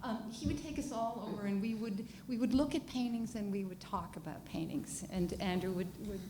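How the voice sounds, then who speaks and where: A woman painter on a panel, telling a story in a halting, earnest way with many restarts and repeated words. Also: mid-range voice, background noise. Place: lecture hall at a panel event. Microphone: handheld or podium mic, often off it.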